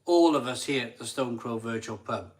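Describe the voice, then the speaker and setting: This man, hosting a live stream, reads viewer super chats in a casual chat while tired and a bit drunk, rambling and repeating himself. He speaks at a normal speed and a medium pitch.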